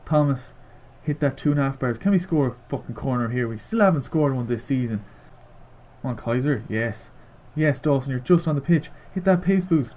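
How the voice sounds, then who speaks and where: A young man giving casual, excitable commentary on his own football video game, cheering, groaning and swearing at the action. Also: mid-range voice, moderate pace. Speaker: gaming YouTuber.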